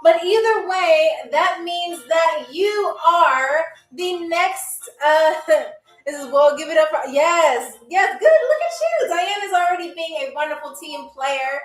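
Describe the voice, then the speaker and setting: A woman's voice: very high-pitched, slow pace. A woman hosting a live-streamed game show, playful and teasing as she talks straight to her chat. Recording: echoey room with faint music.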